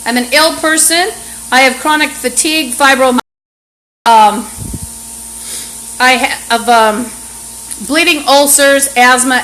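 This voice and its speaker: Woman, high voice, agitated rambling livestream monologue, phone mic at home, faint fan hum behind. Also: slow pace, pauses often, a bit bright, rough recording. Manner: agitated, rambling, with frequent restarts. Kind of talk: rambling live-stream monologue. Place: apartment indoors. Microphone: phone camera app. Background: fan and running water.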